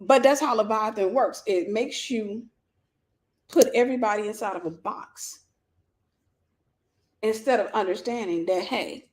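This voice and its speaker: A middle-aged woman preaching live, her coming through as she drives points home by repeating them. She slips into quoted voices and keeps an animated, conversational pulpit manner. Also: mid-range voice, a little slow, pauses often. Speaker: pastor and teacher. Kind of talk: livestreamed sermon.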